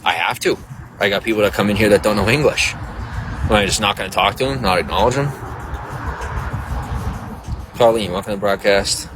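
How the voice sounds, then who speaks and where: A man's voice: lowish voice, moderate pace, pauses often, music in the background, poor audio. A man casually chatting on a live stream, greeting viewers by name in a loose, boastful, flirty way.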